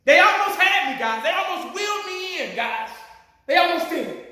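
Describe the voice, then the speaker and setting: A man's voice: very high voice, expressive, normal speed, sharp tone. A man vlogging as a sports fan, ranting animatedly with plenty of profanity. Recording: very echoey room.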